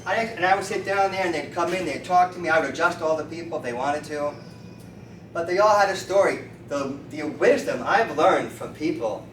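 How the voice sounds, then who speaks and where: A chiropractor in his fifties, the featured speaker at a meeting, tells lively stories and acts out the people he quotes. His voice is a little high, and the meeting room recording is roomy, from a distant mic with faint noise.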